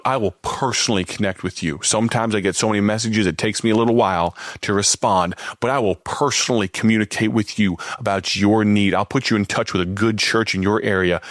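A man's voice: lowish voice, no echo, clean studio sound. A man preaching a radio sermon, pleading directly and earnestly with the listener.

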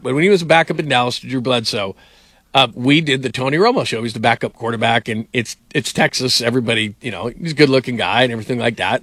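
A middle-aged man hosting sports radio with a bright, forward voice. He rambles through his stories with lots of fillers, and the sound is dry and close. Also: medium pitch, no room sound. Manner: rambling storyteller, many fillers. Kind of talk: casual sports radio talk.

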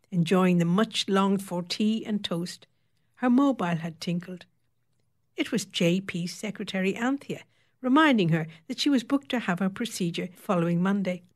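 A woman narrating a story in a steady, wry storytelling manner. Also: medium pitch. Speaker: audiobook narrator. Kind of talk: scripted narration.

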